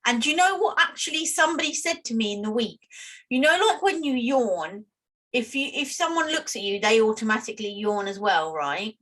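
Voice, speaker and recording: A British woman co-hosting a podcast, telling a story in a chatty, animated way over a remote call. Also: fairly high pitch, brisk. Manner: chatty, animated, self-deprecating. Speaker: podcast co-host. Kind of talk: casual chat, storytelling. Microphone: remote call with lag.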